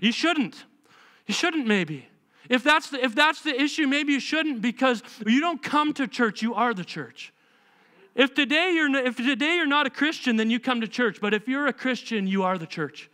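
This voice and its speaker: Bright, high-pitched animated preacher man. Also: moderate pace. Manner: emphatic, animated preaching with rhetorical questions. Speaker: pastor. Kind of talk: sermon. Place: church sanctuary.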